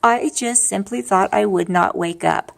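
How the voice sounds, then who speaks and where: A middle-aged woman vlogs about her grief in a casual monologue, candid and a bit tired, rambling with frequent restarts and wry asides. Her medium-pitched voice is a little slow and shows vocal fry.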